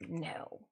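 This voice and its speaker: A woman from Michigan chatting casually on a livestream, chatty and self-mocking, often breaking into giggles. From Michigan, USA. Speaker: livestreamer and artist.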